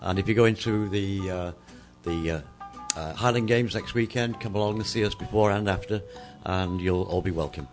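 A man's voice: deep voice, normal speed, few pauses, soft background music. A middle-aged man with a Mancunian accent co-hosting a casual radio chat, rambling and hesitant with many fillers. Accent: Mancunian English. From England. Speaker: radio co-host.

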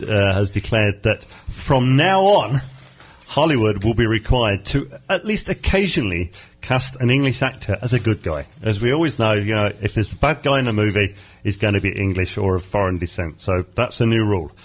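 Husky-voiced man hosting jokey radio banter. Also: on the low side, expressive, normal speed. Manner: jokey, laughing, playful banter. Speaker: radio show host. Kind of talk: casual comic radio chat.

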